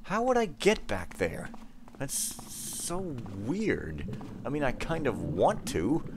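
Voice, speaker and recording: A man's voice: mid-range voice, wildly swooping pitch, slow pace, background noise. A young man giving casual gameplay commentary, ranting and easily frustrated, with outbursts and musing. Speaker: let's play gamer.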